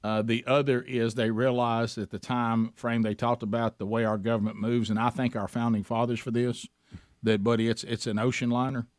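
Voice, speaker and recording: A man's voice: medium pitch, level tone, no echo, clean studio sound. A man hosting a talk radio show, joking and teasing his co-hosts in casual banter. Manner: wry, teasing, quick to joke. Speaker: radio host. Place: radio studio.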